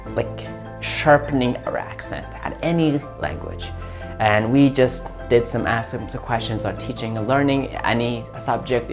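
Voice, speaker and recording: A man hosting a tech video, talking informally and eagerly, often halting and repeating words as he chats with an AI assistant and his viewers. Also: on the low side, creaky. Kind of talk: casual talk to an AI voice assistant and to viewers.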